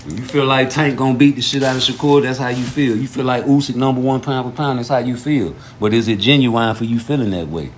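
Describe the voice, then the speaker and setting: A man's voice: fast talker, few pauses, a little hiss or hum. Profane, emphatic male host talking boxing. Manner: profane, emphatic, jumps high when heated. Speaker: show host. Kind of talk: casual commentary.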